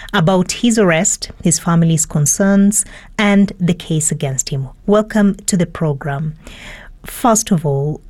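A woman presenting live radio news and interviewing a guest, measured, clear and composed. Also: deep voice, a little mellow.

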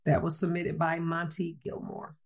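A woman's voice: low-pitched, completely flat delivery, normal speed. A woman reading humorous excerpts aloud, chuckling at the jokes she reads.

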